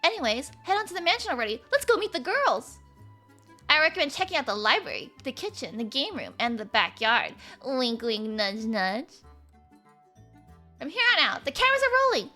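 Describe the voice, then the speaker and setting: A woman's voice: sits high, very animated, moderate pace, bright, forceful tone, soft background music, exaggerated voice. A woman playing a perky, teasing game-show guide. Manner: playful, teasing.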